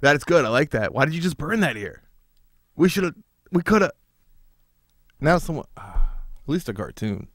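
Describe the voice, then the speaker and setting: A man's voice: a little high, very animated, normal speed, pauses often, fairly bright tone, no echo, clean studio sound. A man co-hosting a casual comedy podcast, telling rambling, self-mocking stories. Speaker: podcast co-host.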